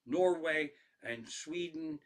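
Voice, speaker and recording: A man's voice: fairly high pitch, slow pace. A man, a stand-up comedian, telling rambling, profane stories to a live stream audience, often restarting his sentences. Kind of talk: casual storytelling to a live stream.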